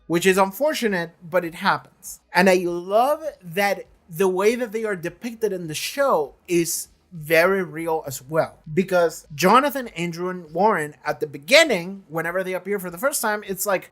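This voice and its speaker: Animated, filler-heavy vlog host. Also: mid-range voice, normal speed, few pauses. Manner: animated and emphatic, lots of filler words and casual swearing; acts out quoted lines in shifted voices. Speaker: YouTube reaction channel host. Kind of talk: casual question-and-answer vlog.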